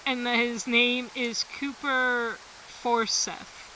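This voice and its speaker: Bright-voiced woman streamer, rambling and laughing. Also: a little high, flat delivery, very slow, recorded from a distance, a little hiss or hum, rough recording. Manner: rambling, laughs often between phrases, swears casually. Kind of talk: casual storytelling on a game stream.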